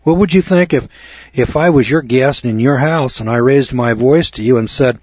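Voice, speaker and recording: A man's voice: medium pitch, moderate pace, darkish tone, breathy edge, dry recording. A middle-aged man telling a rambling, self-mocking story to an audience, repeating words as he goes. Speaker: speaker addressing an audience. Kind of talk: folksy storytelling lecture. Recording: dull muffled dry recording.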